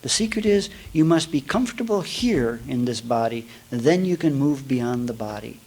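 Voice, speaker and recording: A man's voice: mid-range voice, lively intonation, normal speed, breathy edge, rough recording. Folksy, joking man giving a spiritual talk. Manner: folksy, storytelling with jokes and asides; big swings from loud to hushed. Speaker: yoga teacher.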